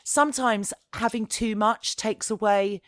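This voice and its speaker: A woman's voice: medium pitch, a little slow, no echo. A woman in her forties from London with a Southern English accent, telling a rambling story as a podcast co-host. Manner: rambling, animated, laughing storyteller. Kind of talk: casual chat.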